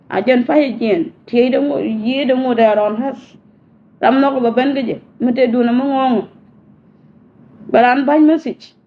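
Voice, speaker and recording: Over tinny phone-line audio with faint hiss, a woman from South Sudan with a slightly high voice leaves a personal spoken message. She pleads, insistently repeating herself.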